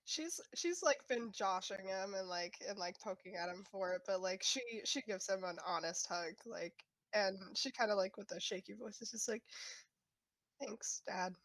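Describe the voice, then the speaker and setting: A woman tabletop player describing her character's actions softly, with many fillers. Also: mid-range voice, normal speed, few pauses, no echo. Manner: soft, filler-heavy, trailing.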